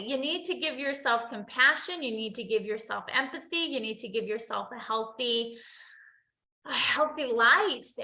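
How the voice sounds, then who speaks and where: A woman's voice: on the high side, sharp tone, echoey room. A woman hosting a motivational talk, speaking earnestly, repeating her phrases and often asking "right?". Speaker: host, coach.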